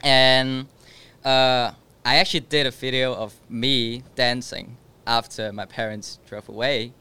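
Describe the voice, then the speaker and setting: A young man in his late teens, a guest in a casual chat, talking softly and hesitantly with many fillers. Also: mid-range voice, little pitch movement, unhurried, clean tone. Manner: soft-spoken, hesitant with fillers.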